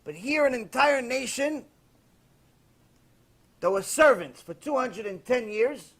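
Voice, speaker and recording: A man's voice: extremely high pitch, takes it slowly. A man preaching as a rabbi, telling a story in a sermon and acting out the people in it. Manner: animated, acts out the quoted characters in his story.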